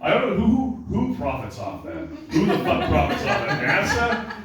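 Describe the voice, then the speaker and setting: A man's voice: fairly high pitch, moderate pace, far from the mic. Profane stand-up man in an echoey room. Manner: profane, deadpan rants with mocking put-on voices. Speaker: stand-up comedian. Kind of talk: stand-up comedy set. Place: small club with audience laughter.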